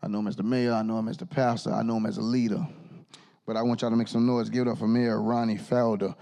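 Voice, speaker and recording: Brief: male emcee, teasing roast style, soft dark tone. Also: on the low side, level tone, fast talker, gravelly. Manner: joking, teasing, conversational. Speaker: master of ceremonies.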